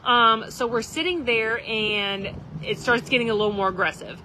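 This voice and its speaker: A woman's voice: on the high side, moderate pace, pushed and bright, slight background noise, rough recording. A woman, casually telling a rambling story to live viewers outdoors at a campground. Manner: rambling, chatty, frequent "like" and "literally". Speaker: livestream host.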